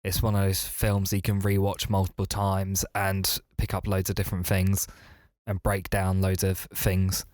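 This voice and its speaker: A man co-hosting a casual film review podcast, giving measured, reflective opinions and hedging as he goes. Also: sits low, completely flat delivery, a little mellow, dry recording, studio quality. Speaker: podcast co-host.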